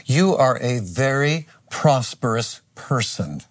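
A man's voice: medium pitch, expressive, slow, no echo, studio quality. A man co-hosting a televised preaching broadcast, affirming his partner and reading scripture steadily. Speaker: minister and co-host.

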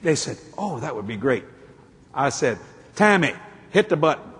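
A male preacher giving a sermon, telling stories with acted-out dialogue and breaking into shouts. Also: medium pitch, moderate pace, husky, big-room sound. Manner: animated storytelling, acting out dialogue, jumping to shouts.

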